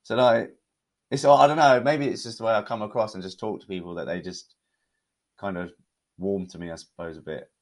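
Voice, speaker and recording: A British man, a podcast guest, telling his stories in a relaxed, chatty way with plenty of fillers. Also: fairly low pitch, brisk. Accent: British English. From United Kingdom. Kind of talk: casual conversational storytelling.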